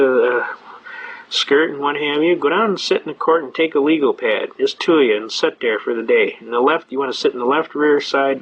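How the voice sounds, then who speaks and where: A man's voice: medium pitch, slightly rough. An older man giving a chatty, rambling lecture full of anecdotes and filler words. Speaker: speaker on citizens' rights. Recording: dull lo-fi recording.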